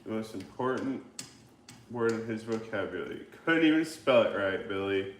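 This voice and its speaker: A man's voice: fairly low pitch, expressive, moderate pace, a little hiss or hum. A man hosting a livestream, chatting casually and reading viewer comments in a laid-back, joking and profane way. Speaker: livestream host. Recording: echoey room.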